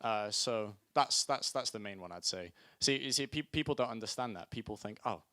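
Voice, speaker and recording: Young scottish guy hosting a student comedy night, bright punchy voice, self-deprecating chatter, dry close sound. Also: fairly low pitch, animated, normal speed, dry recording. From Scotland. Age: young adult. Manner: chatty, self-deprecating, loud crowd-hyping bursts. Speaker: stand-up host and compere. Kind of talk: live stand-up comedy.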